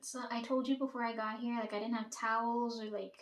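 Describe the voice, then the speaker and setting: A woman's voice: fairly high pitch, flat delivery, brisk. Rambling young woman in a roomy echo. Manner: rambling, swears freely, quotes others in dialogue. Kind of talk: casual storytime monologue. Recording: roomy echo, distant from mic.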